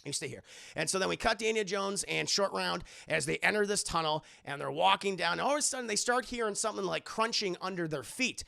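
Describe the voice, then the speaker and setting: A young man with a gravelly, bright and high-set voice, retelling a film to his chat. He speaks into a close mic in a dry room. He breaks into a different voice for each character, and he swears freely. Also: quick pace, few pauses, no room sound. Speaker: streamer reviewing a movie. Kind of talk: animated retelling to a live chat.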